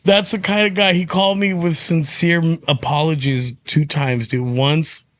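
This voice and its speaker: A man's voice: a little high, fairly even intonation, moderate pace, a bit bright. A young man telling stories in a casual podcast chat. He acts out the voices of the people he quotes and laughs often. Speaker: guest comedian.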